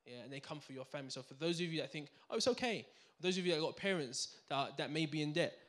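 A man giving a live finance seminar to a room audience, energetic and full of banter, quizzing the crowd. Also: a little high, quick pace. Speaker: seminar speaker.

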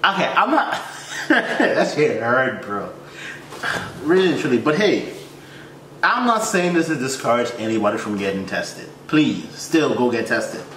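A man telling a funny personal story in a frank, slangy way, acting out his own reactions with high yelps and low mutters. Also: very animated, measured pace, a bit bright, echoey room, recorded from a distance, a little hiss or hum.

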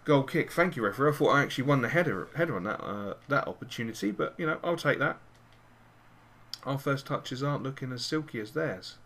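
A man's voice: medium pitch, fairly quick. A man, host of a gaming channel, commentating live on a football video game and cheering and swearing at his players. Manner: excitable, cursing and cheering at the game.

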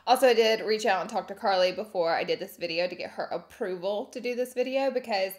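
A woman's voice: mid-range voice, fast talker. A woman in her thirties hosting a casual unboxing vlog, chatty and bubbly, laughing often. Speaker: beauty YouTuber host.

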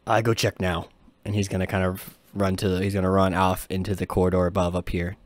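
Man, game master, narrating a tabletop game, halting with chuckles, dry close sound. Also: sits low, monotone, no echo.

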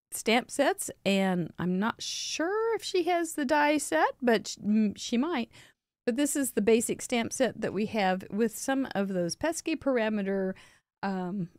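A woman's voice: medium pitch, no room sound, studio quality. A woman chatting casually as host of a live crafting show, opening mail from viewers and laughing often. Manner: chatty, warm-hearted, laughs often, yawning from a long day.

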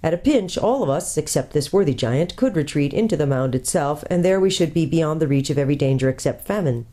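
Out of breath from hurrying, a woman with a deep, dark voice reads a storybook at a brisk, expressive clip. She voices an old male tutor, learned and kindly, who explains things in a courtly, precise way.

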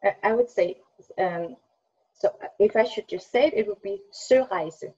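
Husky-voiced Danish woman on a video call. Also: mid-range voice, moderate pace, warm tone. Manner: laughs often, explains patiently. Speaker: pronunciation coach. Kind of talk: casual video call chat. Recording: dull lo-fi video call audio.

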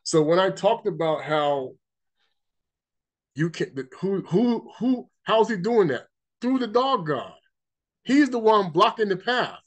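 A man's voice: high-pitched, sing-song, takes it slowly. A man giving an informal spiritual teaching, emphatic and rambling, repeating himself and reading scripture aloud. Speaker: religious teacher.

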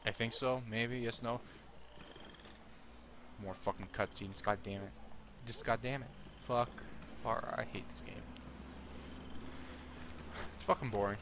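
A man's voice: medium pitch, fairly even intonation, a little slow, pauses often, noisy background. A young man giving annoyed, sarcastic gameplay commentary and swearing a lot. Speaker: let's play commentator.

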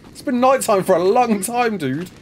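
Sleep-deprived gaming streamer, rambling. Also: male voice, sits high, expressive, normal speed, slight background noise. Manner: chatty, rambling, answers chat questions while playing. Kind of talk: casual live gameplay chat.

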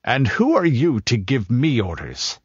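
A man's voice: medium pitch, huge pitch swings, a little slow, breathy edge, no echo, dull audio, exaggerated voice. A man voicing a proud, suspicious warrior king who speaks sternly in archaic phrasing.

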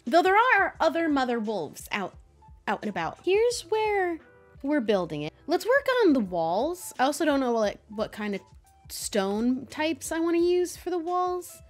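A woman's voice: high voice, big pitch swings, measured pace, faint music behind. A young woman chatting playfully as she commentates her building game, talking to the animals in it. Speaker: Minecraft streamer. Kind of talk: casual gameplay commentary.

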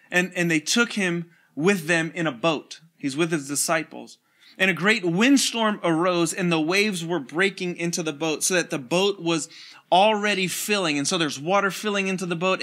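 A man with a high, bright voice preaching an online sermon. He reads scripture with energy, slipping into casual slang and light chuckles between verses. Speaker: pastor.

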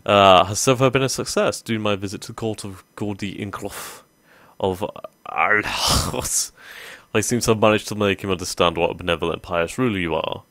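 A man's voice: fairly low pitch, moderate pace, a bit bright, no room sound. A man putting on a French envoy. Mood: formal. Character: fawning male envoy reporting to his lord.

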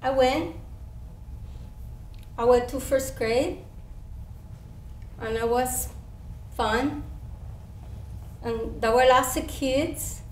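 A woman's voice: high-pitched, very slow, long pauses. A woman acting out an eager, chatty first-grade girl in a one-woman stage show, speaking childlike English with a San Antonio Spanish-influenced accent and slipping into Spanish. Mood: chatty, proud. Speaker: stage performer. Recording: roomy stage sound from far off with faint hiss.

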